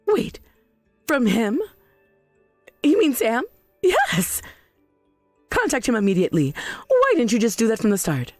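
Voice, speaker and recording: A woman's voice: a little high, wildly swooping pitch, a little slow, pauses often, no room sound, soft background music, heavily acted. A woman voicing an indignant proud mother. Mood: defensive. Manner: indignant, demanding. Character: indignant middle-aged mother, proud and defensive. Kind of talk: text-message story drama.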